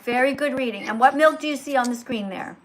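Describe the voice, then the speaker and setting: A woman hosting a livestream, lecturing slowly and emphatically like a teacher. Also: high voice, a bit bright. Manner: slow, emphatic teacher-like delivery. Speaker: livestream host.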